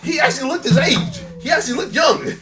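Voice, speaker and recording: A man's voice: very high voice, fast, soft background music. Reaction host guy, hyped, keeps laughing and tripping over his words, sounds a bit far off the mic. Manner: excitable, laughs often, stammers and restarts. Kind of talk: casual reaction commentary.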